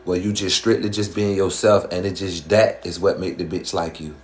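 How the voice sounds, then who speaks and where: A man's voice: low-pitched, level tone, normal speed. A man with a Southern American accent, hosting a live stream in casual chat and talking in slangy, profane, rhyming streetwise patter. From Southern US, Georgia.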